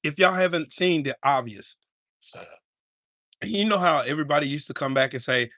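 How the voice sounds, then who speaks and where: A man's voice: a little high, normal speed, pauses often, bright, forceful tone, no room sound, studio quality. A man hosting a live-streamed podcast, ranting in an angry, profane and confrontational way. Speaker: podcast host.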